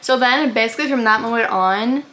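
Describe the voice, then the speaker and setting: A young woman chats through a personal story in a loose storytime vlog. Her voice sits a little high, and she fills her sentences with "like" while acting out what others said. A faint hum of room ambience sits under her. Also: a little fast, pushed and bright. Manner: rambling, many "like" fillers, acts out quotes. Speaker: vlogger telling her story. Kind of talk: casual storytime chat.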